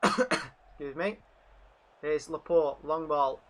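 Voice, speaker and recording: A man's voice: a little high, slow pace, fairly bright tone. A man hosting a live fan commentary stream, calling the match and reading out viewer chat. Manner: chatty, reads out viewer chat between play calls. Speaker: fan channel host.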